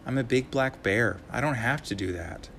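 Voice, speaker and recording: A man's voice: mid-range voice, moderate pace, a bit bright, a little hiss or hum, close to an everyday voice. A man voicing a rude, greedy young bear in a read-aloud storybook, speaking in a whiny, boastful way.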